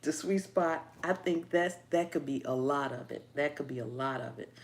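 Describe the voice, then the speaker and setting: A woman's voice: low voice, normal speed, gravelly. A woman hosting a gardening channel, chatting casually and reading viewer comments, playful and laughing often.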